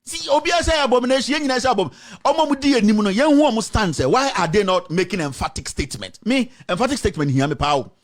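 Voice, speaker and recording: A Ghanaian man hosts a political call-in radio show with a fiery, combative delivery. His voice sits fairly high for a man, and he moves quickly between English and Twi. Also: lively intonation. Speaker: radio talk show host. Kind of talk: heated political talk radio.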